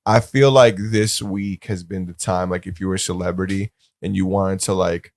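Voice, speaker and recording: A man's voice: low-pitched, fairly even intonation, moderate pace, a little mellow, no echo. A young man co-hosting a podcast in casual banter, rambling and laid-back with lots of fillers. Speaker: podcast co-host.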